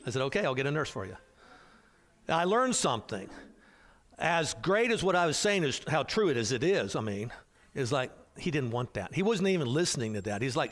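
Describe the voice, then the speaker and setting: A man's voice: medium pitch, sing-song, fairly quick. A man teaching an adult Bible class in a casual, digressive way, with frequent restarts and fillers. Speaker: hospital chaplain.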